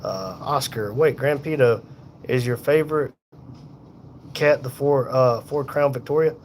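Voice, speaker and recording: Sore tired guy talking into his phone from a hospital bed, reading chat slow and folksy, faint hum behind. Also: medium pitch, a little mellow. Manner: unhurried, folksy, reads viewer comments aloud. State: in pain, tired. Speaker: livestream host reading chat. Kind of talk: casual live chat. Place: hospital room.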